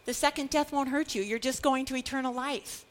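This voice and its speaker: A woman's voice: high-pitched, fairly even intonation, a little fast. A middle-aged woman teaching a Bible study, earnest and building to emphatic declarations.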